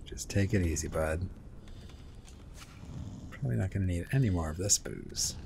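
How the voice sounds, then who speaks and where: Over a noisy background, a low-pitched, expressive male voice with vocal fry talks at a normal speed. He's a gameplay commentator doing a laid-back let's-play, cursing and mumbling remarks to himself as he plays.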